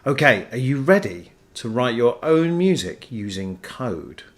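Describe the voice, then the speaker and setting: A man's voice: medium pitch, sing-song, a little slow, a little hiss or hum. A man leading a children's music lesson, playful and cheerful, asking the young audience questions as he goes. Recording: echoey room, mic at a distance.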